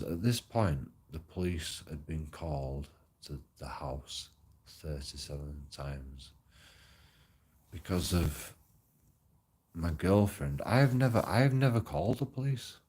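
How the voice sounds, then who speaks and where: A man with an extremely low, darkish, slightly rough voice tells a personal story. It's a casual monologue that rambles and restarts, packed with heavy swearing.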